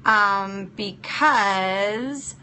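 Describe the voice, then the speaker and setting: Speaking very slowly, a woman with a mid-range, bright, forceful voice hosts a casual live-stream as a nail technician; a little hiss or hum is audible. She keeps things chatty and practical, replying to viewers by name.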